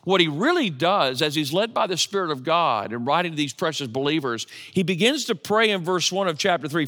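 A man's voice: a little high, animated, moderate pace, sharp tone. A man preaching a sermon as pastor, talking casually and often checking in with the congregation. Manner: conversational, asks the audience questions. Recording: long hall reverb.

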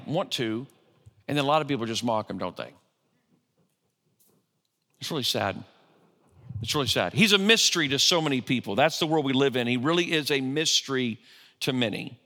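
A man's voice: on the high side, bright, forceful tone, big-room sound. A middle-aged man preaching a sermon in a church, conversational, often asking his congregation questions. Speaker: pastor.

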